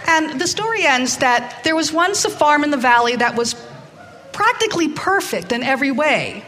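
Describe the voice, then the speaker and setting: A woman's voice: sits high, big pitch swings, normal speed, fairly bright tone. A woman telling a story live to children in a hall, hesitant, with many fillers, drawing in the audience.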